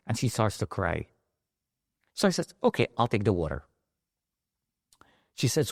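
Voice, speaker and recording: Animated middle-aged man telling his story. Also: fairly low pitch, normal speed, pauses often, no room sound, clean studio sound. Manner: animated, acts out the voices of the people in his story. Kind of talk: emotional personal storytelling.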